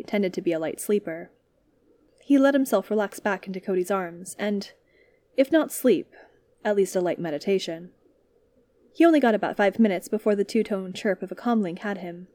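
A woman reading fan fiction aloud as a podfic reader, in a calm, even storytelling manner. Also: mid-range voice, dry recording.

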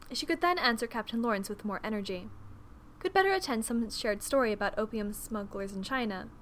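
A woman narrating an audiobook in an expressive, measured storytelling manner. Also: a little high, slight background noise.

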